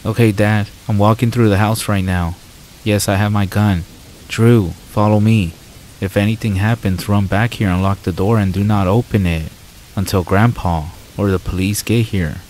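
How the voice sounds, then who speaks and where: A man voicing a frightened single mother, talking in an urgent, hushed, pleading way. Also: fairly low pitch, fairly even intonation, moderate pace, a little hiss or hum, lightly acted, rough recording. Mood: tense commanding.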